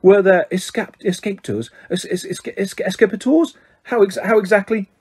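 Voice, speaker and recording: A man voicing an eager, excitable wizard father who stumbles over words, in a storybook reading. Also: high-pitched, normal speed, breathy edge, voice pushed up. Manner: eager and stammering.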